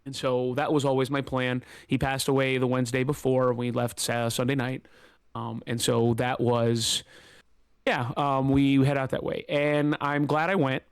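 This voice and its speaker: A man's voice: medium pitch, little pitch movement, moderate pace, smooth, no echo. A man hosting a podcast, telling a personal story in a candid, emotional, rambling way with many fillers, close to tears. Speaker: podcast host.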